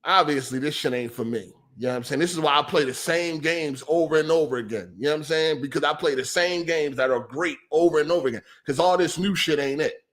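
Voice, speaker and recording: A man's voice: on the high side, fast talker, fairly bright tone. A middle-aged man hosting a podcast, ranting in a heated, profane and repetitive way, exasperated. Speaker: podcast host.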